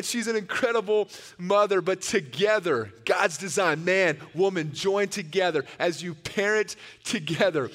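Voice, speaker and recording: Earnest young pastor in an echoing hall. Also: male voice, sits high. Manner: earnest and storytelling, given to animated retellings. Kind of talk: sermon. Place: church sanctuary. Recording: long reverb of a large hall.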